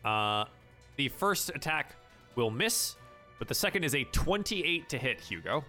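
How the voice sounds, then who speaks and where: A man's voice: fairly high pitch, expressive, normal speed, sharp tone, soft background music. A man running a tabletop game as game master, narrating in an easygoing way.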